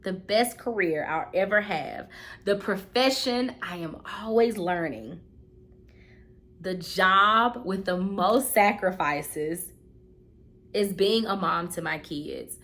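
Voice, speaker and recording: A woman's voice: medium pitch, slow, a bit bright. A woman in her thirties talks straight to her viewers in a casual vlog. Her voice is earnest and heartfelt, and she often circles back and repeats her phrases for emphasis. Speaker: vlogger. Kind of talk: casual talking-to-camera vlog.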